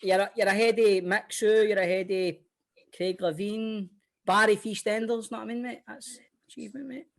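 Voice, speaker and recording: A man's voice: sits high, fairly even intonation, normal speed. A man hosting a podcast, joking and swearing with his guest in casual chat. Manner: jokey, laughing, swearing. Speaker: podcast host.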